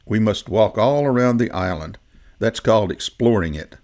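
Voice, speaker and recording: A man reading as a firm old rabbit gentleman. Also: lowish voice, animated, moderate pace, lightly acted.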